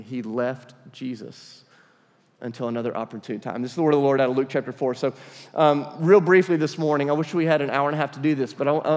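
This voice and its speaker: A man's voice: mid-range voice, darkish tone. Man preaching in a reverberant hall. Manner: emphatic, asks the congregation to respond. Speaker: pastor. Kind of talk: sermon.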